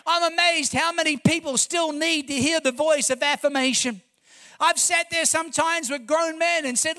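High, bright-voiced fervent male preacher. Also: steady tone, moderate pace. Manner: fervent, emphatic preaching with rhetorical questions. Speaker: pastor. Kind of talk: sermon. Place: church before a congregation.

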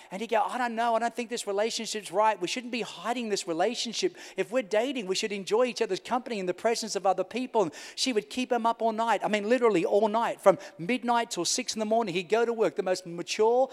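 Mid-sermon, this Australian pastor spins his tale the way a storyteller would, swelling loud and then dropping to a hush. For a man he pitches fairly high, and his words echo through a big hall with lingering reverb.

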